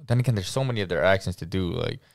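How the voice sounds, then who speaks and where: Low-voiced New man reacting casually. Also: very fast, creaky. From New York. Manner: relaxed, swears casually, rambling restarts. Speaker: reaction video host.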